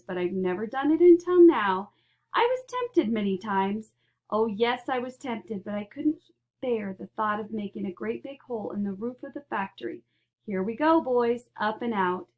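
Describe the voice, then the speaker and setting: A woman's voice: a little high, expressive, a little mellow, lightly acted. A woman doing a bubbly, eccentric candy maker. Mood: excited. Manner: brisk, bubbly, emphatic.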